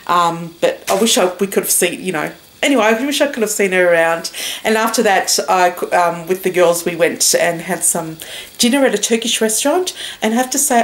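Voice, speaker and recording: Australian woman, knitting vlogger, casual rambling chat, lots of ums and restarts. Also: mid-range voice. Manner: chatty and rambling, with many fillers and restarts.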